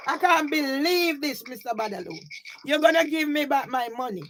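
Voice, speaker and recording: A woman with a very high voice argues over money, insistent and repetitive, pressing the same demand again and again. A faint hiss of noise sits under her voice. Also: animated, moderate pace. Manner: insistent, repeats herself. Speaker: caller disputing money. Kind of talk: heated phone argument.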